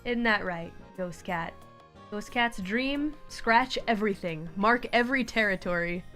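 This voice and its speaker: A woman hosting a relaxed live stream from home, chatting casually, laughing often and cooing at her cat. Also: mid-range voice, measured pace. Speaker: livestream host. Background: faint background music.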